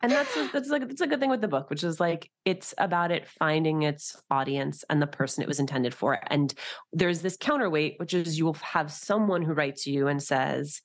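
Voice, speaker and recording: Low-voiced woman chatting animatedly. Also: normal speed. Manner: animated, quotes herself in jumpy voices. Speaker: guest, author and TV host. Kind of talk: casual conversation.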